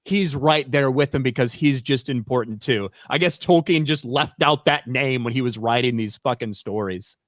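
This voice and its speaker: A man's voice: medium pitch, normal speed, few pauses, no room sound, clean studio sound. A man as a podcast guest in casual chat, sarcastic and sweary, often laughing.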